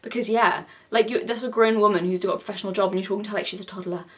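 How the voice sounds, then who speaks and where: A woman's voice: mid-range voice, fairly even intonation, racing, a bit bright. A woman YouTuber giving sarcastic, exasperated commentary on celebrity press tours. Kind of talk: commentary vlog.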